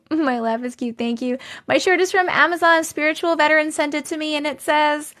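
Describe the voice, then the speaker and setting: A woman hosts a livestream from her home basement on a regular microphone, her voice high-sitting, fairly bright, and fairly even at normal speed. She chats casually, laughs a lot, and reads viewers' comments aloud while thanking them.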